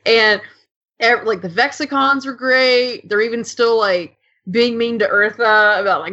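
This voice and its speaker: A woman with a fairly high voice gushes excitedly on a casual podcast, filling her talk with "like." The sound is dull and lo-fi. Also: unhurried. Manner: gushing, excitable, acts out scenes, lots of "like". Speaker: podcast guest.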